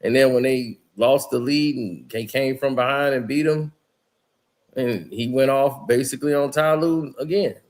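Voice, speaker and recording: Speaking at normal speed in a mid-range voice with fairly even intonation, a man who hosts a basketball commentary channel tells a locker-room story. It's a casual monologue, full of slang and emphasis, with him performing the lines people said.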